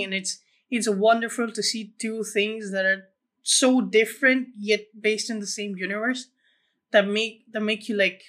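Movie podcast cohost, bright sharp voice, blunt and excited, casual chat. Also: mid-range voice. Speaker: podcast co-host.

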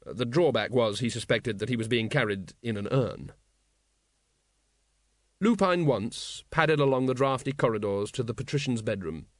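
Dry, measured male audiobook narrator. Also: medium pitch, no room sound.

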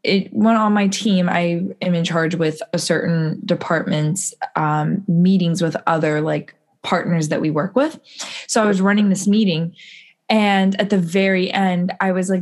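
A woman's voice: lowish voice, normal speed. A woman co-hosting a podcast, chatting casually in a rambling way with many restarts. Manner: rambling, full of fillers and restarts. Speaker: podcast co-host. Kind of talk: casual chat.

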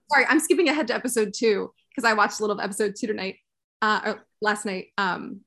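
A woman's voice: medium pitch, a little fast, a bit bright. A young woman co-hosting a casual podcast chat, rambling and restarting her sentences, often laughing. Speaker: podcast co-host.

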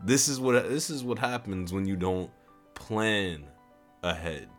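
A man's voice: low-pitched, unhurried, soft background music. A young man talking casually to his viewers with lots of restarts, standing some distance from the mic. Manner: animated, rambling, lots of restarts. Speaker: vlogger. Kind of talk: casual chat to camera. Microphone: stands away from the mic.

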